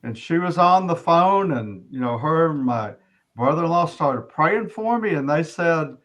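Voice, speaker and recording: A middle-aged man giving an earnest personal testimony as an interview guest, often halting and restarting his sentences. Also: fairly high pitch, expressive, a bit bright.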